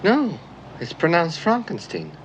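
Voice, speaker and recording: A proper, fussy young doctor who can't stop correcting people. His voice sits fairly high and swings wildly in pitch, with a faint hiss behind it. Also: huge pitch swings, measured pace, low-quality recording. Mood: exasperated. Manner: exasperated, correcting. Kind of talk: classic film comedy.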